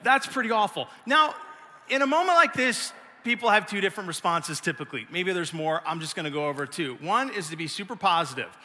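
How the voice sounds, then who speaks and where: A middle-aged man giving a sermon as pastor, telling stories in an animated, self-mocking way. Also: sits high, a little fast. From United States. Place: large church auditorium. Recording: long reverb of a church hall.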